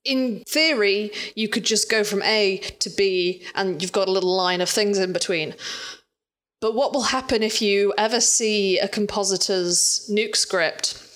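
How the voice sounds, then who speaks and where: A woman's voice: medium pitch, a little slow, a bit bright. A woman co-hosting a podcast, explaining visual effects work in a casual, explanatory way with dry, wry humor.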